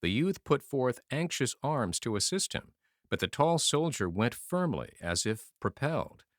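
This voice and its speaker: A man reading a novel aloud as audiobook narration, with an expressive storytelling manner. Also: medium pitch, measured pace, no room sound, clean studio sound. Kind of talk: scripted narration.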